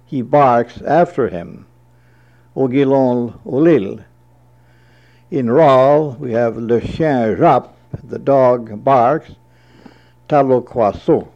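A man reads a word list at an unhurried, deliberate pace, giving each entry and then its meaning. His voice is mellow and dark. The recording sounds dull and lo-fi. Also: medium pitch. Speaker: language teacher reading a word list. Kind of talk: slow dictionary reading with translations.

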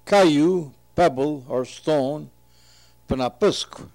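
A man slowly reading entries from an old dictionary aloud and translating them, pausing between each term. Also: on the high side, gravelly, a little mellow. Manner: measured, deliberate, pauses between terms. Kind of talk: slow reading of word lists with translations.

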